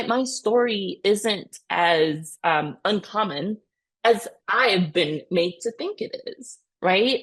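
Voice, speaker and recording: A woman in her thirties, a podcast guest telling her story with earnest, animated energy. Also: mid-range voice. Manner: earnest, animated retelling with many "you know" and "right?". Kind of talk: conversational interview storytelling.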